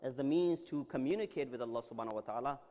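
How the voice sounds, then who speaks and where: A man's voice: mid-range voice, very fast, darkish tone. A male preacher giving a religious lecture, telling stories dramatically and acting out the dialogue. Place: large Islamic center hall. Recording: long reverb in a large hall.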